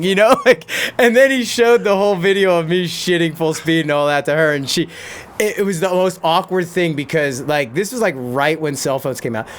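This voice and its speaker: A man's voice: fairly high pitch, brisk, a little hiss or hum. A middle-aged man telling a crude story on a podcast, often laughing and restarting his sentences. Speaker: podcast guest, pro BMX rider and stuntman. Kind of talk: casual storytelling.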